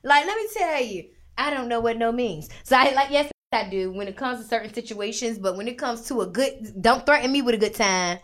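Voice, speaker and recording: A woman chatting casually and telling a story in a lively, slangy way, dropping to a hush and then jumping up loud. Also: a little high, brisk, few pauses. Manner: animated, slangy, jumps between hushed and loud.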